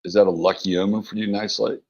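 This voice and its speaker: A man hosting an astrology livestream, greeting chat viewers by name in a relaxed, rambling way with many fillers and a gravelly, husky voice. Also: lowish voice, fast talker, dull audio. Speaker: astrology show host.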